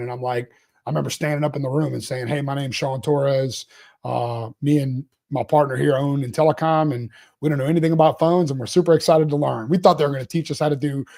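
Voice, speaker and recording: A man in his forties tells his story in a relaxed interview. His voice sits at a middling pitch, and he rambles with restarts, breaks into laughs and keeps up an animated run of talk. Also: gravelly. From Louisiana, US. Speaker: CEO guest.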